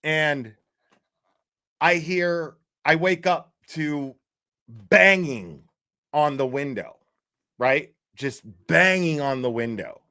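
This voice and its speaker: A man's voice: on the high side, slow, pauses often, bright, forceful tone. A man in his fifties telling a story casually, rambling and swearing, often tossing in "right?" to the listener. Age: 50s. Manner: profane, rambling, keeps checking in with "right?".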